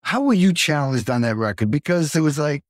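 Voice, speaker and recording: A man hosting a casual chat, an animated storyteller who acts out the voices in his anecdotes. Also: a little high, brisk, dry recording, clean studio sound. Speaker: host, session drummer.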